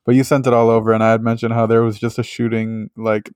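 A man's voice: mid-range voice, monotone, fast talker, a little mellow, smooth, no echo, studio quality. Rambling, cursing male podcast host. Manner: rambling, swears freely, lots of fillers. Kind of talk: casual chat.

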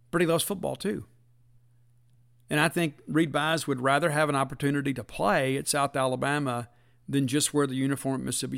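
A middle-aged man talks sports in a casual, folksy way, leaning hard into his points. His voice sits a little high and has a gravelly edge. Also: a bit bright. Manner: earnest, folksy, emphatic. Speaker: podcast host.

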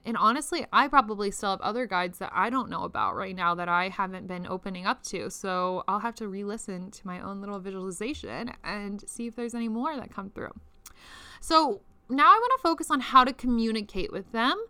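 A woman's voice: fairly high pitch, bright, forceful tone, clean tone, dry recording. A woman podcast host coaching listeners on spiritual practice in a chatty, frank way, swearing freely and laughing often. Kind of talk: casual spiritual coaching talk.

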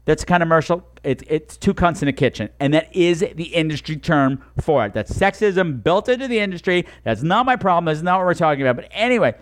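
A man's voice: on the high side, lively intonation, fairly quick, few pauses. A man hosting a talk show, telling stories in a profane, sarcastic comedic rant and slipping into mocking voices.

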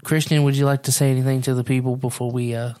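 A man's voice: mid-range voice, flat delivery, quick pace, darkish tone. A man hosting a podcast, talking loosely with lots of fillers and swearing. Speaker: podcast host. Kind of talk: casual chat.

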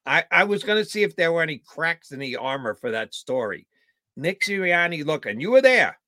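A man's voice: a little high, big pitch swings, brisk, sharp tone, no echo, clean studio sound. A man co-hosting a sports talk show, arguing his point with indignation. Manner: indignant, argumentative. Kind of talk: heated sports talk commentary.

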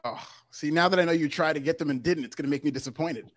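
A man's voice: on the high side, fast, no echo, clean studio sound. A man co-hosting a podcast, giving a casual news rundown in a laid-back, joking manner. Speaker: podcast co-host.

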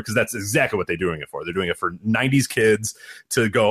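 A man's voice: on the low side, very animated, fast, a bit bright, slightly rough. A man with a Chicago accent, co-hosting a podcast in casual, rambling chat full of restarts. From Chicago area. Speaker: podcast co-host.

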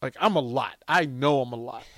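Brisk and a touch bright at a medium pitch, a middle-aged man hosts radio from a studio, casually rambling through tales and laughing frequently. The studio microphone captures him with no room sound at all.

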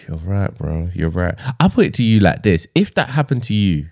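A young man, chatting casually as a podcast co-host in a relaxed, easy-laughing way. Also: sits low, moderate pace, no room sound, clean studio sound. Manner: laid-back, says bro a lot, laughs easily. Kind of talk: casual chat.

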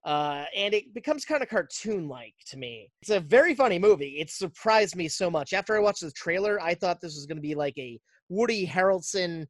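A podcast host casually recapping a movie plot, telling it in an animated way and slipping into quick character voices. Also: medium pitch, no echo, studio quality.

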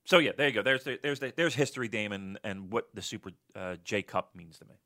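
Bright-voiced man ranting on a podcast. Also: on the low side, fast. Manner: animated, profane, breaks into loud rants. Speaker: podcast co-host. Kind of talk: casual podcast chat.

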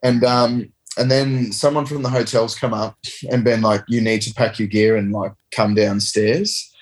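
A relaxed man in his thirties spins a long, rambling story with the odd curse. His voice sits a little low in pitch. He talks like a sportsman chatting with a mate. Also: normal speed, breathy edge. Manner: rambling, laid-back, swears freely. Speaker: professional rugby player guest. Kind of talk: casual storytelling.

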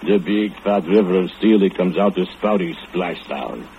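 A man's voice: low voice, moderate pace. An actor playing a drunken, brooding male foundry laborer who speaks broken English and chuckles darkly, in old radio drama style. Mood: reliving. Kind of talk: 1940s radio acting. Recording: tinny old radio broadcast, hiss.

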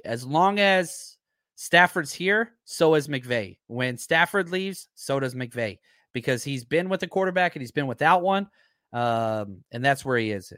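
A man's voice: a little high, fairly bright tone, dry recording, studio quality. A man hosting a football live stream in a casual, chatty way, full of fillers and restarts as he runs through stats.

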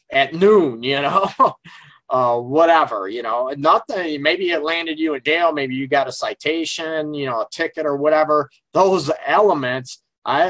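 A man's voice: on the high side, a bit bright, no room sound. A middle-aged man hosting a casual live call-in radio show from his office, talking frankly and rambling with lots of fillers. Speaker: radio show host and relationship counselor.

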